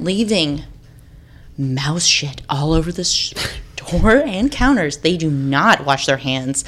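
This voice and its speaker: A woman co-hosting a loose comedy podcast. She reads posts aloud with big, lively swings in pitch and a mock-dramatic edge, swearing freely. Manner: animated, swearing, dramatic emphasis while reading. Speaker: podcast co-host. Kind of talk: casual comedic chat, reading posts aloud.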